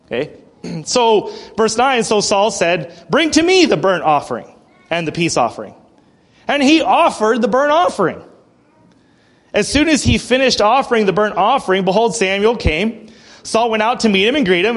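A man with a high voice preaching a sermon. He tells the story with lively energy and throws in sudden acted outbursts. He clears his throat often as he goes. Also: moderate pace. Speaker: pastor.

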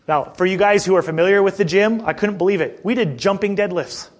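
A middle-aged man preaching a sermon in a conversational way, asking the congregation questions and often clearing his throat. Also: sits high, normal speed. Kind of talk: sermon with personal story.

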